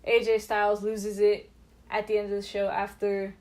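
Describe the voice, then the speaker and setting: A woman co-hosting a podcast in casual chat, chatty and animated, with many fillers and restarts. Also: medium pitch, moderate pace. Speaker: podcast co-host.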